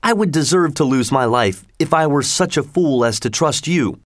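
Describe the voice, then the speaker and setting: A man's voice: fairly high pitch, expressive, normal speed, dry recording, studio quality, pitched above the performer's own voice, lightly acted. A man voicing a triumphant fisherman who scolds a trapped genie in a read-aloud folk tale, declaiming sternly. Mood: defiant. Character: boastful, triumphant poor male fisherman.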